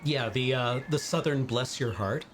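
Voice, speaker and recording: A man's voice: mid-range voice, normal speed, noisy background. A man streaming a story game, chatting casually in a wry, rambling way and slipping into quoted asides. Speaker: streamer playing a narrative game. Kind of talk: casual gameplay chat.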